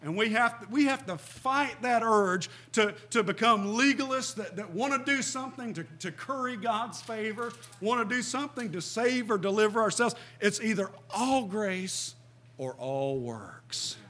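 Earnest high-voiced male preacher. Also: normal speed, hardly any pauses, sharp tone. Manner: earnest, emphatic, reads scripture aloud, asks the listeners questions. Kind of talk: sermon.

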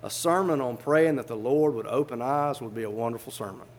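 A man's voice: medium pitch, brisk, slight background noise. A man preaching a sermon, fervently reading old scripture aloud and explaining it in plain everyday words.

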